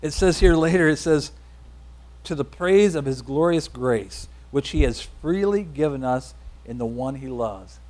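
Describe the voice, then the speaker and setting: A man preaching a sermon builds emphatic, repeated declarations and leads the congregation in call-and-response, having them say lines back. His medium-pitched voice has lively intonation and a darkish tone, and he speaks a little slowly.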